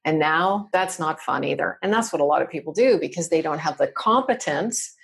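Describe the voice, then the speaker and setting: A woman's voice: low-pitched, brisk, gravelly, husky. A woman explaining workplace communication as a podcast guest, acting out example phrases as she goes. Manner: animated, acts out example phrases. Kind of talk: conversational teaching.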